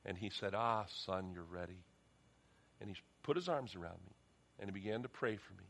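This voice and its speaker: A man's voice: lowish voice, lively intonation, fast, vocal fry, husky. A middle-aged man preaching a sermon in a church, earnest, often repeating words as he starts a sentence, then leading a prayer. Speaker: pastor. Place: church sanctuary.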